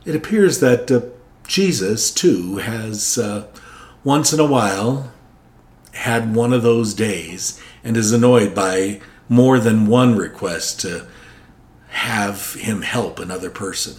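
A man's voice: on the low side, slow, a little mellow. A male Catholic priest reading the Gospel and preaching a Sunday homily in a conversational, candid way.

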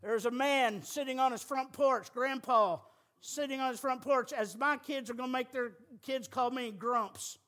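High-voiced preacher. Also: male voice, moderate pace, fairly bright tone. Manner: emphatic, folksy, with humor. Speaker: pastor. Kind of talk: sermon.

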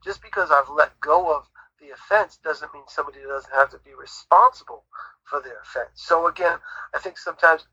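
A man's voice: on the high side, fairly quick, pushed and bright, breathy edge, dry recording. A man giving his faith testimony as an interview guest, in an earnest, preacherly storytelling manner, on muffled audio. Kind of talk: conversational Christian testimony.

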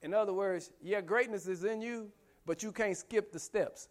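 A man's voice: high voice, normal speed. A man preaching a sermon with emphatic rhetorical questions and humorous asides. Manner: humorous asides, laughs often.

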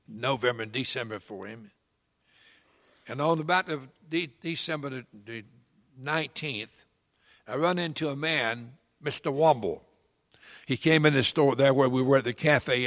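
An older man preaching a sermon, telling a folksy personal story that rises into loud, emphatic pleas. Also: mid-range voice, moderate pace. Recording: long hall reverb.

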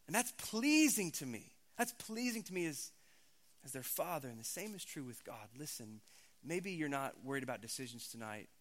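A man's voice: on the high side, big pitch swings, moderate pace, fairly bright tone. A man in his thirties, a pastor giving a conversational, emphatic sermon.

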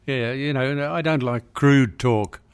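A man hosting a talkback radio show in a dry, measured, unhurried way. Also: medium pitch, smooth. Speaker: radio host.

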